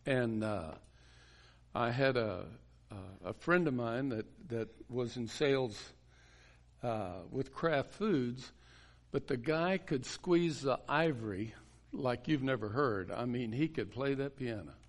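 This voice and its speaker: A man's voice: medium pitch, slow. A man, a pastor, telling a story in a sermon in a folksy way, chuckling and restarting his sentences.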